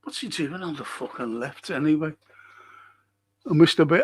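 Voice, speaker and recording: An older man with a gravelly, slightly high voice, talking through a live football match. He is blunt and swears freely, shouting players forward between bits of chat. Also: moderate pace. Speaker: podcast host reacting live to a match.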